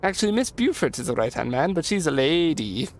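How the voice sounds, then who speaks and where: A man's voice: a little high, big pitch swings, fairly quick. A man voicing a cheerful, chatty male dockworker with a put-on Irish accent and an eager, repetitive, folksy manner. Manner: folksy, repeats himself eagerly. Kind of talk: reading game dialogue aloud in voices.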